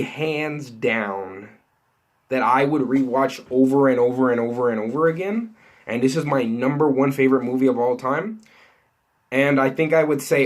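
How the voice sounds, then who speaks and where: A man chats loosely with his viewers about movie news, circling back on his sentences and leaning on fillers as he goes. His delivery is casual and unscripted, like someone thinking out loud to the camera. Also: mid-range voice. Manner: rambling, many fillers and restarts, lots of "you know" and "like". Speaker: entertainment news vlogger.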